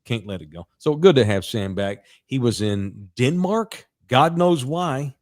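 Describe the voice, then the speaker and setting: A man's voice: medium pitch, animated, a little slow, a little mellow. A man in his forties, a podcast co-host, telling a long crude anecdote in a casual, rambling way with plenty of profanity. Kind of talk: casual sports podcast storytelling.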